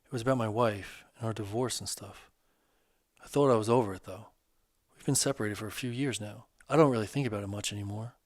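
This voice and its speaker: A man voicing a divorced man in middle age opening up earnestly about an old hurt, in casual, halting speech. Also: fairly low pitch, darkish tone, no room sound, studio quality, natural voice.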